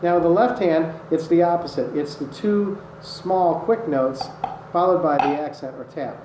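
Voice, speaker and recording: In an echoey room full of loud noise, a drum instructor talks at a moderate pace in a slightly high voice. He works through an instructional demonstration step by step, patiently announcing each stroke he plays on a practice surface.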